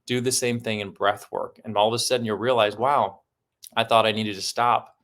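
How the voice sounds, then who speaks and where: A man's voice: lowish voice, fairly even intonation, normal speed, a bit bright. A man guiding a breathwork session, giving encouraging instructions and rhythmic breath cues. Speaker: breathwork coach.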